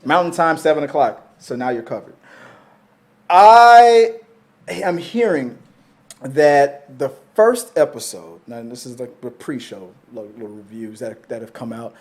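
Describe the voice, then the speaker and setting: A man hosting a casual movie chat show, rambling and animated, swearing freely. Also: medium pitch, measured pace. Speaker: podcast host.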